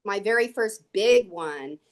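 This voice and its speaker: A woman guest on an interview show, telling lively anecdotes and acting out what people said. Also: medium pitch, slow pace. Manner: lively, animated anecdotes with acted quotes. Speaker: guest actress. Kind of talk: casual interview storytelling.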